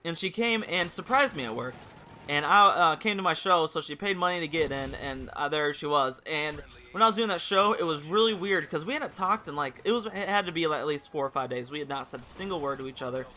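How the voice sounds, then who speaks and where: A man's voice: a little high, fairly quick, sharp tone, a little hiss or hum. A young man casually telling a rambling personal story over gameplay commentary, candid and swearing freely. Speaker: gaming channel host.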